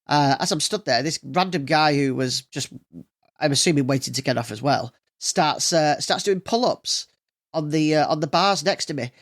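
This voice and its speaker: A man's voice: a little high, moderate pace, fairly bright tone. A man hosting a solo podcast, chatting casually and rambling with plenty of fillers and restarts. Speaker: podcast host.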